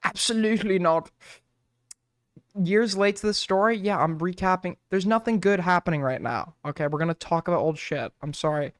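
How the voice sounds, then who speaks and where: A man's voice: high voice, brisk, few pauses, no room sound, studio quality. A man streaming, giving casual profane reaction commentary in a ranting, rambling way.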